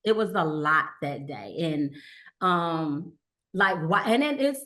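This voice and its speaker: A woman's voice: sits low, very animated, sharp tone. Woman recounting her cancer story. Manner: halting, many restarts and fillers, acts out quoted dialogue. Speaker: guest, cancer survivor. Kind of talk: emotional personal storytelling.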